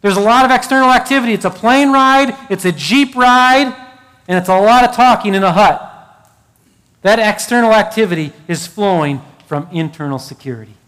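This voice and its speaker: A man's voice: high-pitched, normal speed, fairly bright tone, big-room sound. A middle-aged man preaching a sermon as pastor, building emphasis and telling stories to illustrate his point. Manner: preaching with rising emphasis and storytelling asides.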